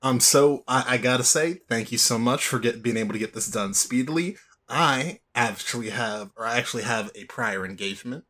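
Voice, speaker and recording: A man's voice: medium pitch, fairly quick, pushed and bright. A man playing a character in a tabletop game, playful and joking. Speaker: player. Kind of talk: tabletop role-play.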